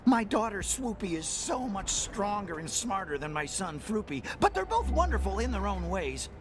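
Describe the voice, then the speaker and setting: A woman's voice: mid-range voice, sing-song, moderate pace, close to an everyday voice. A woman voicing a jittery, grateful little male alien doctor in a video game, talking in a frantic, gushing way. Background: game music.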